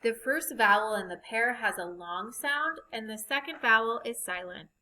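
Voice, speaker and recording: A woman teaching a recorded reading lesson, speaking slowly and deliberately as she spells out vowel sounds. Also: on the high side, animated, bright, forceful tone, rough recording.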